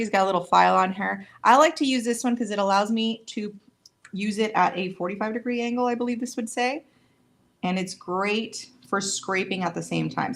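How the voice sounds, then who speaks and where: A woman's voice: medium pitch, gravelly. A chatty woman demonstrating nail tools while she works, casual and a little tired, joking at herself as she goes. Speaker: nail tech demonstrating products on a livestream. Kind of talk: casual live product demonstration.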